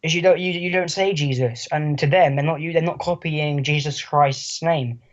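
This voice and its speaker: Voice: mid-range voice, steady tone, normal speed. A podcast co-host in casual chat, rambling and joking and slipping into quoted voices. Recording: muffled lo-fi recording.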